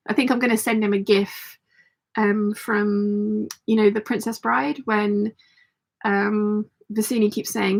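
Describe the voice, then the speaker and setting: A woman hosting a casual sewing livestream, chatty and reading viewer comments aloud, her voice slightly croaky. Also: mid-range voice, level tone, measured pace. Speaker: sewing channel host.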